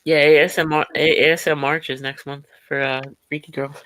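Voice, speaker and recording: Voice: medium pitch, little pitch movement, fairly quick, noisy background. A playful co-host chatting on a live stream, laughing often. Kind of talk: casual livestream chat.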